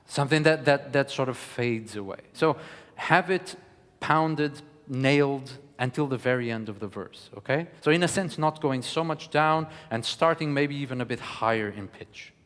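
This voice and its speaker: A man lecturing and coaching verse declamation, animated and encouraging, with frequent hesitation fillers. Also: mid-range voice, moderate pace, in a large hall. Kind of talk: teaching lecture with spoken demonstrations.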